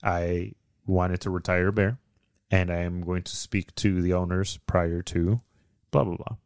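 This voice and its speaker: A deep-voiced man co-hosts a casual sports podcast in a dry room. His jabs are blunt, sarcastic and profane. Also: fairly even intonation, unhurried, a little mellow, clear, resonant tone, no room sound. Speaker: podcast co-host.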